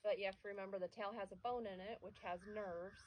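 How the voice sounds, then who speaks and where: A woman training a young horse, talking casually to the camera and softly praising the animal as she works. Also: mid-range voice, fairly even intonation, quick pace, slight background noise, poor audio. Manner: soft, coaxing praise to the horse. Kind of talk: casual vlog narration while working a horse. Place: outdoors with a horse.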